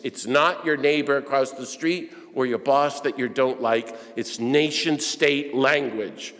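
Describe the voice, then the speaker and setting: Male speaker, mid-pitched, passionate preaching delivery, hushed-to-loud swings, long hall reverb. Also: measured pace, few pauses. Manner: impassioned, rhetorical questions, swings from hushed to loud. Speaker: speaker addressing Christian peacemakers. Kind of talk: preaching talk on nonviolence. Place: large hall with audience.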